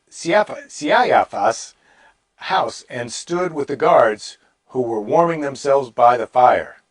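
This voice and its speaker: A man's voice: mid-range voice, husky. A middle-aged man, a comedian hosting a daily show, reading a Bible story aloud and breaking off into wry, rambling asides.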